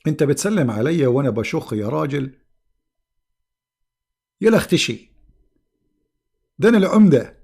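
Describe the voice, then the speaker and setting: A man doing a loud brash Egyptian villager. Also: a little high, big pitch swings, creaky, breathy edge, exaggerated voice. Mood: boastful. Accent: Egyptian Arabic. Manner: shouting, mocking, rapid-fire.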